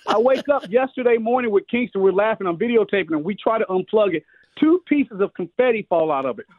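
A man of about fifty telling funny family stories in a casual chat, co-hosting a show and jumping higher whenever he quotes someone. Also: quick pace, no room sound. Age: 50s. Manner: animated storyteller, jumps higher for quoted voices. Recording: tinny phone-like radio sound.

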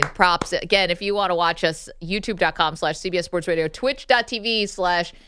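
A woman's voice: fairly low pitch, fairly bright tone, clean tone, dry recording. A woman co-hosting a sports radio show in the studio, teasing her partner and laughing often. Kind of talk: casual radio banter. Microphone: studio mic.

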